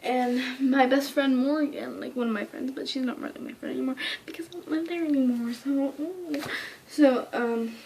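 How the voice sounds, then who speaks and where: A woman's voice: sits high, normal speed, vocal fry, a little mellow, slight background noise. A young woman casually telling a rambling storytime, often dropping into whispers and squealing when she quotes herself. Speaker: vlogger.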